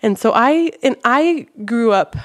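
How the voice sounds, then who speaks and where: A woman's voice: on the high side, animated, a little slow. A woman guest on a church podcast, telling a story in casual conversation and acting out the voices of the people in it. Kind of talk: casual testimony chat.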